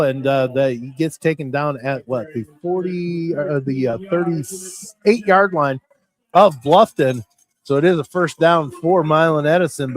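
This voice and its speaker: Folksy man calling football. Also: on the high side. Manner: folksy, rambling, self-correcting. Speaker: play-by-play announcer. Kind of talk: high school football commentary.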